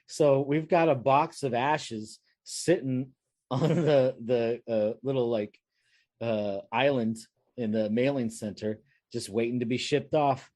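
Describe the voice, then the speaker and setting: A man's voice: mid-range voice, unhurried, darkish tone, no echo. A man co-hosting a podcast, telling a long work story in rambling casual chat with many fillers and restarts. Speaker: podcast co-host.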